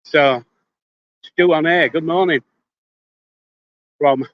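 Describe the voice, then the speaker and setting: An older Yorkshire man chats on a casual livestream from a handheld phone, his fairly high voice animated but slow, with frequent pauses. Blunt and casually sweary, he speaks before thinking and greets viewers by name. The sound is lo-fi, without echo.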